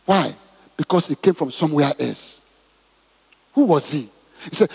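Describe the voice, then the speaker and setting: A man's voice: fairly high pitch, lively intonation, measured pace, vocal fry, breathy edge, long reverb tail. A middle-aged man preaching a sermon as pastor, emphatic and repetitive, with stammered restarts.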